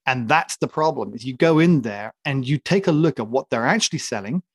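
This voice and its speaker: A man's voice: medium pitch, animated, brisk, breathy edge, no room sound. A man on a casual talk show, ranting with comic indignation and heavy emphasis. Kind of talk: casual opinionated chat.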